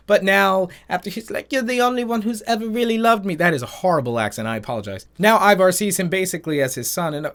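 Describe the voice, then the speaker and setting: Male host, casual animated review chat, slightly high-pitched. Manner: animated, opinionated recapping with frequent "um". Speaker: reaction channel host.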